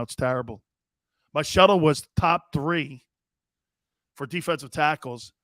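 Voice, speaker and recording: A man in his fifties hosts a sports talk show in a slightly high voice, recorded at studio quality with no echo. He is an animated, emphatic storyteller whose boisterous anecdotes ramble and restart with emphasis.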